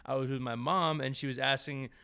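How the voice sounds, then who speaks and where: Podcast host, New man, mid-pitched, animated and jokey, trips over his words. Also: brisk, smooth. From New Jersey. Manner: animated, stumbling restarts, joking. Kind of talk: casual chat.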